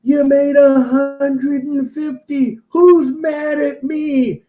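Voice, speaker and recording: A man's voice: flat delivery, takes it slowly. A man voicing a hyped male real-estate seminar guru with a Southern accent, pumping up a crowd. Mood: fired up. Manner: fiery, shouting crowd-pumping pitch.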